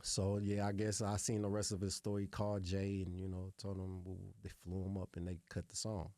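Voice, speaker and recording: A middle-aged man, a music producer being interviewed, telling stories in a relaxed, salty way and often adding "you know what I'm saying". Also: deep voice, brisk, no echo. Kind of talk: casual interview storytelling.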